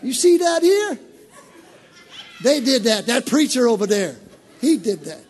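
A man preacher voicing a wounded male servant from a Bible story, excitable and rambling. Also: extremely high pitch, measured pace, a little hiss or hum, exaggerated voice. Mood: accusing. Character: wounded male temple servant, talkative, aggrieved.

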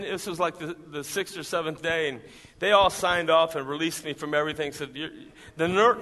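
A man preaching a sermon and telling his own story, swinging from loud climbs down to quiet storytelling. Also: high-pitched. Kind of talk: sermon testimony. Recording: hall reverb.

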